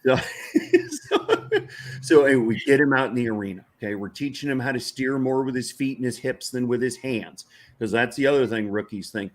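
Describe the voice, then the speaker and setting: Guy spinning a folksy ranch yarn, chuckles a lot, mid-pitched voice, lots of you know. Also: a bit bright. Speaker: veterans' ranch organizer, guest. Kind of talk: casual anecdotal storytelling.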